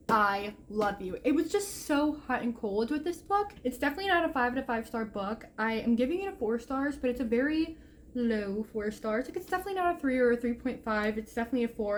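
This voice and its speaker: A woman's voice: sits high, a little hiss or hum. A young adult woman vlogging about books she is reading, rambling and gushing with lots of "like". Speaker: book vlogger. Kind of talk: casual reading vlog chat. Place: home room, bad sound.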